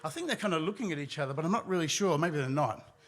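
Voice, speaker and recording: A man telling a personal story live on stage, animated, acting out his own panicked reactions. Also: fairly high pitch, fast. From Australia.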